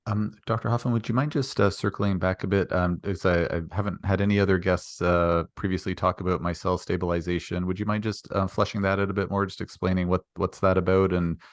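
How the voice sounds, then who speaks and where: A man's voice: sits low, fairly even intonation, fast, few pauses, dry recording, clean studio sound. A man hosting an interview, asking hesitant questions with many fillers and apologies. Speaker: interview host.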